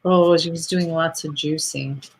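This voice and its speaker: A woman co-hosting a casual livestream of readings, chatty and quick to laugh. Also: low-pitched, fairly even intonation. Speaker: co-host doing readings.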